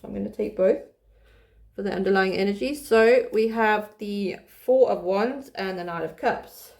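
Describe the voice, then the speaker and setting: Woman doing a casual tarot reading, chatty, laughs a lot, keeps restarting, middle pitch. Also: a little slow, vocal fry, darkish tone. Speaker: tarot reader.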